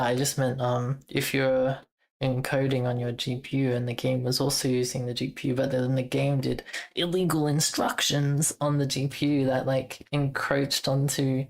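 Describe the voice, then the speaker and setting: A woman's voice: rumbling low, a little mellow. A woman streaming casually as she codes, thinking aloud to her chat, trailing off and restarting with an occasional chuckle. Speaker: streamer and software developer.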